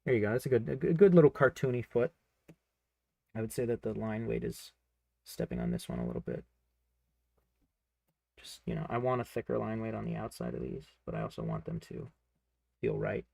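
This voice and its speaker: A man's voice: on the low side, wildly swooping pitch, brisk, gravelly, pauses often, dark tone, slightly rough, no echo. A young man, a cartoonist, chatting casually and rambling with self-mocking jokes while he draws on a live stream. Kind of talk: casual chat while drawing.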